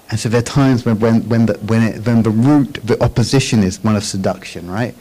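A man's voice: fairly low pitch, fairly even intonation, a little fast, warm tone, rough recording. A man giving a conversational Bible teaching with slides, often checking in with listeners and restarting his phrases. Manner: chatty, frequent tag questions and restarts.

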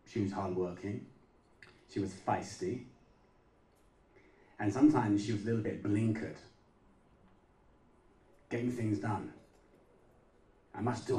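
Lowish-voiced male preacher in an echoey room. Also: warm tone. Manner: emphatic, repetitive, conversational preaching. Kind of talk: sermon. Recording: roomy echo, voice heard from a distance.

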